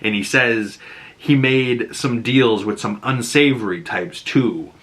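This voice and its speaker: Bright-voiced chatty man. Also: medium pitch. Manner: chatty and quick, full of "like" and "you know", laughs at his own jokes. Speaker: YouTube host reviewing a superhero show. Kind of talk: casual episode breakdown.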